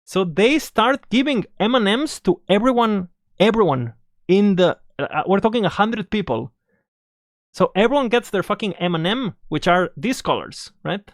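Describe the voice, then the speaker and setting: A vlogger telling a story in a casual, animated way, with plenty of swearing and asides to the viewers. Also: mid-range voice, moderate pace, no room sound, studio quality.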